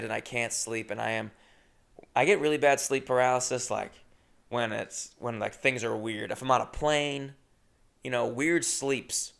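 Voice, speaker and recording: A man's voice: medium pitch, gravelly, a bit bright. A man, a comedian hosting his own podcast, telling a long rambling story in a profane, self-deprecating way.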